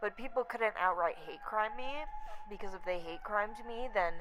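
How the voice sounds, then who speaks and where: A young woman vlogging, telling a story in a blunt, profane, animated rant. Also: medium pitch, moderate pace, a little hiss or hum, rough recording. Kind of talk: casual rant to camera.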